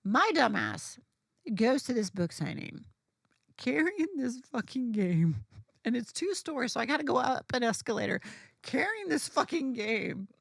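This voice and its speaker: A woman's voice: fairly high pitch, very animated, unhurried, creaky, no room sound, studio quality. A woman guest on a casual podcast, telling a story candidly and animatedly, with plenty of swearing.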